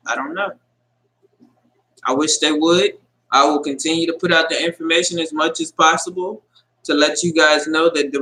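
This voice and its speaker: Bright-voiced man, hesitant, earnest livestream host. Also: on the high side, rough recording. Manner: hesitant and earnest, with many restarts and fillers; addresses viewers directly and reads out chat comments. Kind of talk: casual live-stream sign-off talk.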